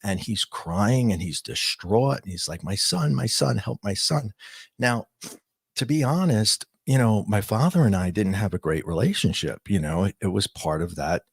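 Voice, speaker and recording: A man telling an interviewer the story of his own near-death experience in earnest, halting speech with many fillers and restarts. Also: fairly low pitch, expressive, husky, dry recording.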